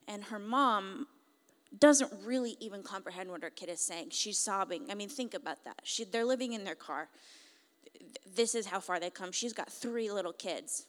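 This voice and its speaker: A woman retelling a moving story as testimony, in an emotive, halting way with frequent restarts. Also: mid-range voice, animated. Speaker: speaker. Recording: long hall reverb.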